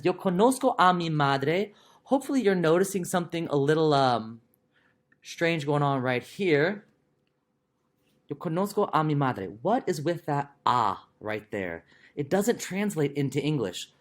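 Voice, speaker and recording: Lively, chatty man teaching a lesson. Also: medium pitch. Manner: chatty and playful, with quick asides. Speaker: Spanish teacher. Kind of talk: recorded video lesson.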